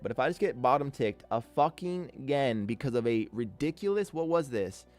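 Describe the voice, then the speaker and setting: A man's voice: medium pitch, expressive, fairly quick, a little mellow, soft background music. Exasperated, swearing man trading live. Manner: exasperated, swears often, talks to himself about trades. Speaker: day trader streaming live. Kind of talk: live trading commentary, reading chat.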